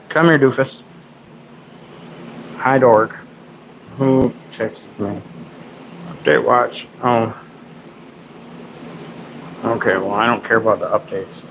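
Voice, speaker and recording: A man's voice: mid-range voice, background noise. A man hosting a casual livestream from home, rambling, mocking himself and baby-talking to his dog. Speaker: livestream host.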